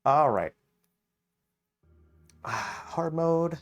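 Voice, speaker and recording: A man streaming live and chatting with viewers in an upbeat, quick way, laughing often. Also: medium pitch, no echo. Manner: upbeat, laughing, talks fast to chat. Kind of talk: casual live-stream chat.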